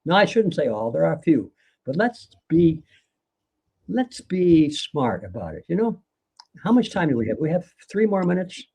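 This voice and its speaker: A man's voice: on the high side, big pitch swings, moderate pace, mellow, slightly rough. An older man, a guest author in a live conversation, speaking earnestly and lecturing, with occasional laughs.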